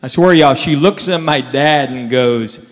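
In an unhurried, mid-range voice, a man performs a stand-up routine, telling stories that land on punchlines and mimicking his relatives. The live stage recording comes from a comedy club, with the audience present in a reverberant room.

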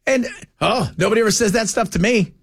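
A man's voice: high voice, fast talker, slightly rough, no room sound, studio quality. A man hosting a talk radio show, bantering and mocking people in put-on voices. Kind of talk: casual banter.

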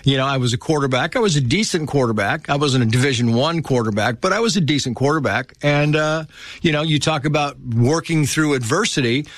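A man's voice: mid-range voice, brisk, no room sound, clean studio sound. A middle-aged man telling stories in a casual conversation, acting out the voices of the people he quotes.

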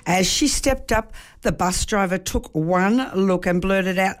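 A woman radio host telling a joke on a morning show in a lively storytelling manner. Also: medium pitch, a little slow.

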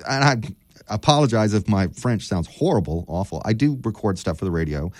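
A man with a very low, deep voice talks in a dry, close studio sound. He is a professor and author visiting a radio station, explaining his research and eagerly trying out words in a second language. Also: animated, fairly quick, a little mellow, dry recording. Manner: thoughtful, asks eager questions, tries out French words. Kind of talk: radio interview conversation.

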